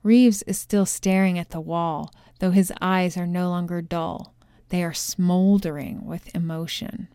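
A woman reads a novel passage aloud in a measured, unhurried storytelling voice. Her tone is mellow and smooth. The recording is close and dry. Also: lowish voice, fairly even intonation, dry recording. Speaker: narrator reading a novel excerpt. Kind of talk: scripted narration.

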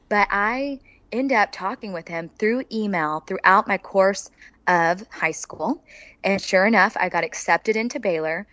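A woman with an Oklahoma accent tells her story as an interview guest, chatty and animated. The sound is dry and a bit dull and lo-fi, with no room echo. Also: medium pitch. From Oklahoma, USA.

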